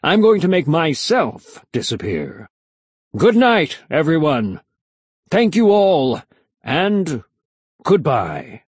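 A man voicing a showy male stage magician who speaks slowly and dramatically. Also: medium pitch, sing-song, husky, no echo. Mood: grand. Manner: slow, dramatic, theatrical.

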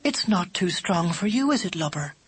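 Man voicing a gentle female dog. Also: very high voice, wildly swooping pitch, normal speed, husky, dry recording, pitched above the performer's own voice, heavily acted. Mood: tender. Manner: soft, tender.

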